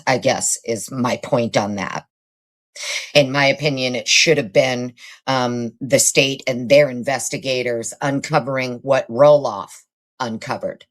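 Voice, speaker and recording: Woman host, very deep voice, casual live-stream commentary, blunt and salty, lots of "um" and "like.". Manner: blunt, casual swearing, frequent fillers.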